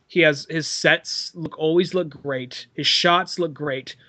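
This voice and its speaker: Co-hosting a podcast, a man with a fairly high, pushed and bright voice speaks slowly in a steady tone. He rambles casually, curses, and puts on silly voices.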